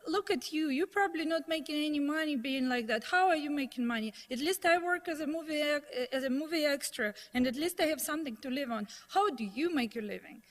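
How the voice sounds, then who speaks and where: A woman's voice: high-pitched, fairly quick, few pauses, close to an everyday voice. A woman voicing an irritable man with a cane who argues on a bus. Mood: indignant.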